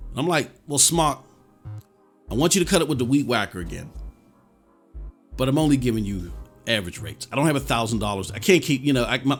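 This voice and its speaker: A man co-hosting a casual podcast chat, telling stories with lots of animation and swinging between loud bursts and quiet asides. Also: mid-range voice, vocal fry. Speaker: podcast co-host.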